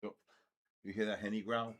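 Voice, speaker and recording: Excitable older man calling markets live. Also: lowish voice, a little fast. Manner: excitable, exclaims and mutters at the markets. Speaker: trading livestream host. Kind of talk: casual live trading commentary.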